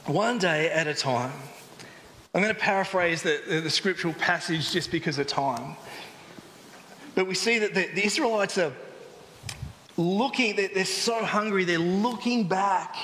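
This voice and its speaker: Joking pastor in an echoey hall. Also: male voice, high voice, a little slow, pauses often, sharp tone, slight background noise. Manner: conversational and joking, acts out complaining voices. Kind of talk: sermon. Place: church service hall. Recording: echoey live church hall.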